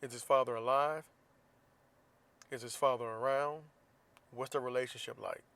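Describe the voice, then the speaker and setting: A man's voice: mid-range voice, steady tone, normal speed, gravelly, fairly bright tone. A man from Florida hosts a podcast, talking alone in a casual monologue. His delivery is blunt and heated, with plenty of profanity. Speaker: podcast host.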